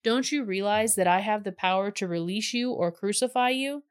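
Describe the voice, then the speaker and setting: A woman's voice: mid-range voice, moderate pace, clean tone, no room sound, studio quality, lightly acted. A woman reading the lines of a probing, impatient Roman governor in a scripture reading, with little change of voice. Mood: questioning.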